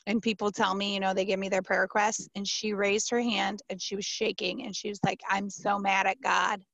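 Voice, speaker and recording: A woman pastor answering interview questions, telling a story in an animated, emphatic, casual way with many fillers. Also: medium pitch, fairly quick, gravelly, no echo.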